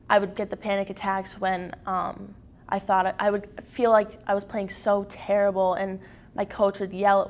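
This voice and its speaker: A teenage girl giving a candid personal account in an interview, halting and full of fillers and restarts. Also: medium pitch, vocal fry, slight background noise. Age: teens. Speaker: interview guest.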